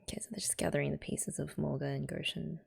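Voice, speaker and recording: A woman's voice: sits low, flat delivery, fast, creaky, husky. An Australian woman hosting a reaction video, reading a manga aloud and chatting through it with laughing, whispered asides.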